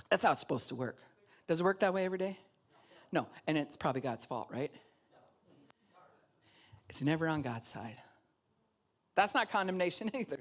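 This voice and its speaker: A woman pastor preaching with a low voice that swings widely and expressively. She keeps her sermon lively, acting out the voices of the people she talks about and laughing often. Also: normal speed, long pauses. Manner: animated, acts out quoted voices, laughs often.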